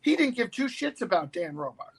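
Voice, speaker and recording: A man's voice: high voice, brisk, a crowd in the background, rough recording. A man in his fifties, a guest actor telling a show-business story in casual chat, often slipping into the voices of the people he quotes. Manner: animated anecdote-teller who slips into quoted voices.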